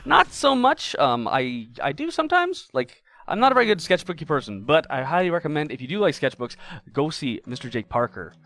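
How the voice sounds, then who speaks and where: A man's voice: medium pitch, big pitch swings, a little fast, fairly bright tone, no echo. A man hosting a casual live stream as a game artist, upbeat and chatty, greeting viewers by name while he draws.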